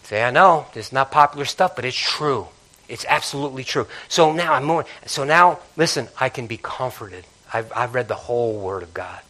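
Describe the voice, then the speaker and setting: Man preaching, sermon, loud urgent bursts, drops to hushed reflection, repeats himself, hallelujahs. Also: lively intonation, moderate pace, rough recording. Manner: swings between loud urgent bursts and low quiet reflection; repeats and restarts phrases, calls out hallelujah and amen. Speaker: pastor.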